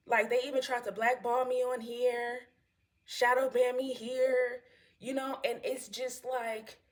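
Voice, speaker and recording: A woman's voice: fairly high pitch, level tone, a little slow. A woman, casually telling her followers a story and often asking "you know what I'm saying". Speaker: vlogger telling a story to viewers.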